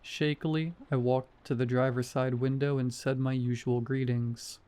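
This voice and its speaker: A man reading a scary story aloud in a calm, measured narration style. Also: medium pitch. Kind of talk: scripted narration.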